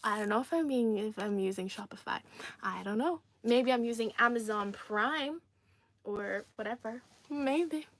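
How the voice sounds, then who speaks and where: A woman's voice: a little high, moderate pace. A young woman from China hosting a casual livestream, chatty and playful, laughing often and repeating herself as she reads comments. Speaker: livestream host.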